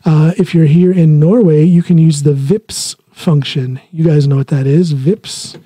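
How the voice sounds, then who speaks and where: Husky dark-voiced man chatting on his podcast. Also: on the high side, fairly even intonation, a little slow, dry recording. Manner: rambling, chatty, laughs at himself. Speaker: podcast host. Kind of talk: casual solo podcast monologue. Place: living in Norway.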